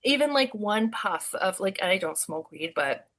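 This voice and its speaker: Bright-voiced woman podcast co-host. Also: mid-range voice, moderate pace, a little hiss or hum. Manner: expressive, acts out her own lines with laughter. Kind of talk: casual chat.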